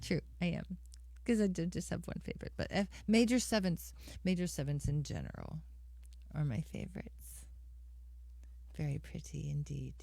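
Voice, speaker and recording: A woman's voice: deep voice, expressive, normal speed, creaky, warm tone. A middle-aged woman hosting a live music stream, chatting casually with viewers and calling them by name. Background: guitar accompaniment.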